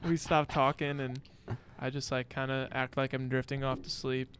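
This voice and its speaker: A man's voice: mid-range voice, moderate pace, a little hiss or hum. A young man and podcast guest, telling a story in casual chat and acting out the quotes. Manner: animated storyteller, acts out quotes.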